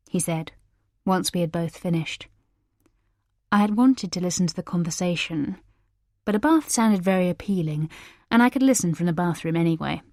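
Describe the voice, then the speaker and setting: A woman narrating a suspense audiobook in the first person, measured and quietly scornful. Her voice is lower than most women's voices. The recording is close and dry, with no room echo.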